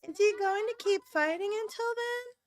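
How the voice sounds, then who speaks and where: A woman voicing a small curious child in a game, asking innocent questions in a sweet, high voice. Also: moderate pace.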